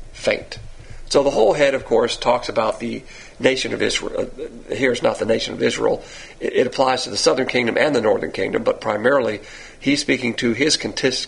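A male Bible teacher giving a verse-by-verse sermon in a gravelly, husky voice. He keeps asking rhetorical questions and answering them himself. His pitch jumps up sharply whenever he stresses a point. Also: rough recording. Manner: lively, rising emphasis with rhetorical questions.

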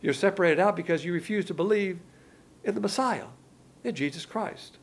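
A man's voice: high-pitched, normal speed. A man preaching a sermon, colloquial and emphatic, with slangy asides.

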